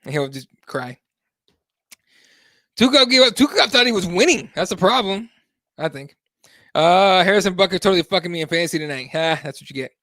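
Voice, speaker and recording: Animated high-voiced male MMA show host. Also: a little fast, long pauses, no room sound, clean studio sound. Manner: casual, animated, swears freely, reads chat aloud. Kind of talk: live MMA talk show commentary.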